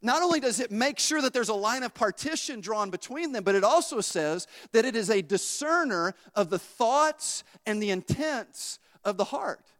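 Male preacher, high voice, animated folksy storyteller, reverberant sanctuary. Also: normal speed, few pauses. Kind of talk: sermon.

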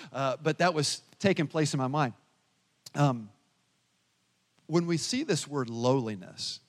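Guy pastor giving a sermon, kinda high voice, jokey and animated, long church-hall echo. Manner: animated, self-deprecating humor, conversational asides to congregation. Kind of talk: sermon with personal storytelling. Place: church sanctuary.

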